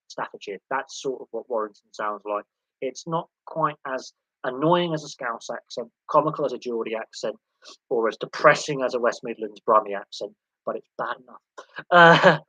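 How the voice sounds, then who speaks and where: Rambling man with a bright, husky voice. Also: mid-range voice, no room sound, lo-fi sound. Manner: rambling, repeats words, dark jokey humour. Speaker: host of a live sports Q&A stream. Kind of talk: casual live-stream chat answering viewer questions.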